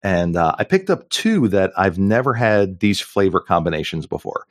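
A man's voice: low voice, big pitch swings, normal speed, no room sound, clean studio sound. A middle-aged man co-hosting a podcast in casual chat, jokey and rambling with lots of fillers. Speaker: podcast co-host.

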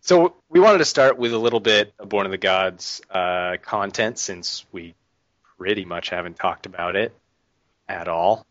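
A man's voice: low voice, a little slow, fairly bright tone, dry recording. A man hosting a casual podcast, a little sick, rambling with plenty of fillers and restarts. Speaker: podcast host. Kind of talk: casual chat. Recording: dull lo-fi, dry.

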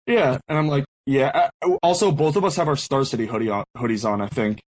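On a low-quality recording, a young man hosting a podcast talks quickly in an expressive, medium-pitched voice. His casual anecdote wanders, packed with fillers like "like" and frequent restarts.

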